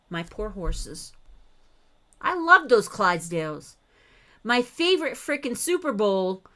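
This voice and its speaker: A woman hosting a reaction video, talking back to a clip in blunt casual commentary and swearing freely. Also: medium pitch.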